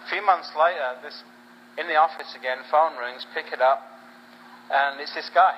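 A man preaching, telling a story with lively humor and acting out a phone conversation. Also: fairly high pitch, moderate pace, dull audio, a little hiss or hum. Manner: animated storyteller, acts out phone dialogue with humor. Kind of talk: sermon storytelling.

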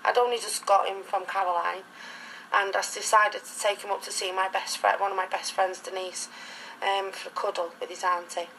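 Middle-aged woman chatting away in an interview, rambly storyteller, medium pitched voice. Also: flat delivery, normal speed, fairly bright tone, slight background noise, low-quality recording. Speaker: interviewee, reborn doll collector. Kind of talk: casual documentary interview.

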